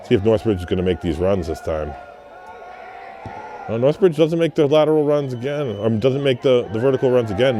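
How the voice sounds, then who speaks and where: A man's voice: fairly low pitch, warm tone. A man calling play-by-play on a local soccer game, chatty, breaking off to coach and explain. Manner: conversational, with coaching asides. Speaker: play-by-play commentator. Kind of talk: local sports commentary. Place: high up above a field, outdoors.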